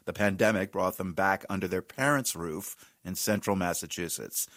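A man hosting a radio program, reading a calm, measured introduction. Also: low voice, no room sound, clean studio sound. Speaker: radio show host.

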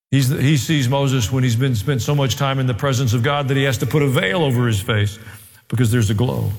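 A male pastor preaching a sermon, with humorous asides and rising emphasis as he goes. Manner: preaching, growing more emphatic and raised in pitch. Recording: long hall reverb.

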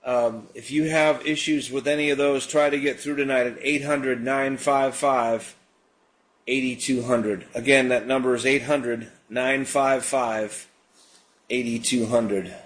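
A man's voice: mid-range voice, a little slow. A man hosting a live call-in prayer show on the radio. He prays and chats in an easygoing, unpolished way, with frequent fillers and restarts. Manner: prays and preaches in a relaxed, conversational way with frequent fillers. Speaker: radio ministry host.

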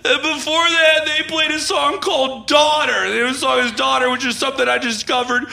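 A man doing a stand-up comedy set, ranting and shouting with a lot of profanity. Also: very high-pitched, steady tone, normal speed, creaky, faint music behind.

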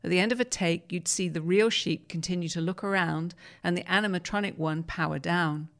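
A woman host reading a newspaper interview aloud in a measured, storytelling way. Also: fairly low pitch. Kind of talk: reading a magazine article aloud.

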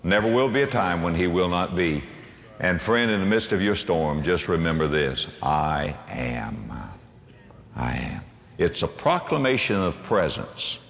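Impassioned male preacher in a reverberant hall. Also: fairly low pitch. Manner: impassioned, swings from hushed to soaring, repeats phrases. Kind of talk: sermon.

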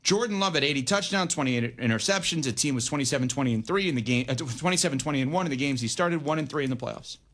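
A man's voice: mid-range voice, animated, fast talker, hardly any pauses, a bit bright. A man hosting a sports talk radio show, arguing his points emphatically and weighing both sides.

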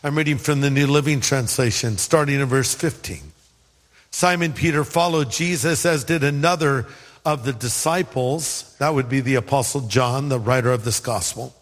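In this sermon, a man speaking at normal speed and medium pitch brings a story to life. The pastor mimics the voices of its characters and adds funny asides, his words echoing through a large hall.

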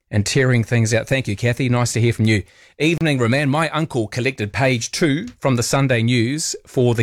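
A male radio host, chatting wryly and teasing gently as he reads out listener texts. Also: mid-range voice, dry recording, studio quality. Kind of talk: casual late-night radio chat.

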